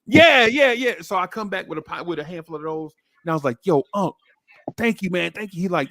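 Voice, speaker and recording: A man casually telling a long childhood story on a podcast, animating it with quick jumps into high voices for the people he quotes. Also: very animated, fairly bright tone, dry recording, studio quality.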